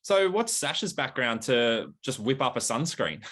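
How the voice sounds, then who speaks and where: A man's voice: mid-range voice, sing-song, a little slow, fairly bright tone. Man, podcast host, casual chat, friendly teasing tone, mid-range voice. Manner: friendly, teasing, loose questions.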